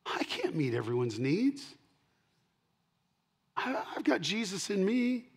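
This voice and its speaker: A man preaching a sermon, his voice sitting a little higher than most men's. He moves from loud, punchy declarations to soft, low asides and repeats his key lines to drive them home. He sounds middle-aged and speaks as a pastor to his congregation. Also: big pitch swings, takes it slowly, husky. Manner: emphatic, swinging between loud punches and quiet asides.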